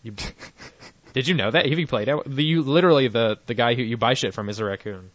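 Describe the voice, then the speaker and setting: A man's voice: medium pitch, a little fast, a bit bright, no room sound. A man chatting casually on a podcast, laughing often and rambling with restarts and fillers. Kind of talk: casual chat. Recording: dry, dull lo-fi sound.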